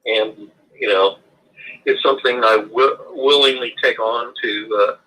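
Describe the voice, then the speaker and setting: A man calling in to a casual chat show, halting and repeating himself, with religious turns of phrase, heard over lo-fi call audio. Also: medium pitch, steady tone, sharp tone. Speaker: guest.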